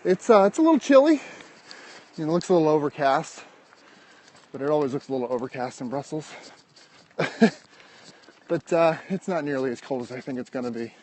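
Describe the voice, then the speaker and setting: A man's voice: medium pitch, brisk, pauses often, darkish tone, low-quality recording. An American man livestreaming a casual walk outdoors from his phone, chatting with viewers and out of breath from climbing steep hills. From United States. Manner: chatty, answers viewer comments while walking. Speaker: vlogger. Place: outdoors on steep city streets.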